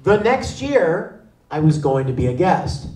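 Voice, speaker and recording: High, animated man telling stories. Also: unhurried. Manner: lively, laughing, acts out voices. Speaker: convention panel guest. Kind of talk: animated storytelling. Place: convention panel room. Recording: echoey room from far off.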